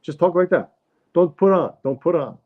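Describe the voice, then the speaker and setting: A man's voice: fairly high pitch, normal speed, voice pushed up, natural voice. An impatient older New York father, as a man puts him on barks the same orders again and again in a thick New York accent. The voice sits well above the man's own, and the stream audio sounds dull and lo-fi. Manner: insistent, repeating himself.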